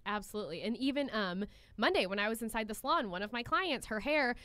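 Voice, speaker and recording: Young woman, hairstylist, casual chat, blunt, animated, quick speech, slightly high voice. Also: no echo. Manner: blunt, animated storyteller acting out clients. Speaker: hairstylist and podcast co-host.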